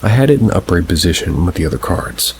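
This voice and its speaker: Deep-voiced man reading slowly. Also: big pitch swings, slight background noise, low-quality recording. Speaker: narrator. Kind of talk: scripted narration of submitted scary stories.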